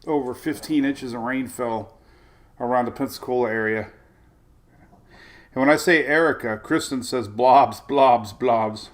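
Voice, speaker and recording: Man in his forties, everyday mid pitch, chatty live-stream host who rambles and greets viewers by name. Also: measured pace. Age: 40s. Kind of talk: casual live-stream chat. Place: home in Florida.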